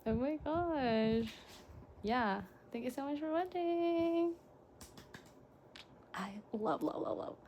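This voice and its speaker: A young woman vlogger unboxing fan merchandise in casual chat, gushing and excitable with frequent gasps and exclamations. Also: sits high, slow, pauses often, a little hiss or hum.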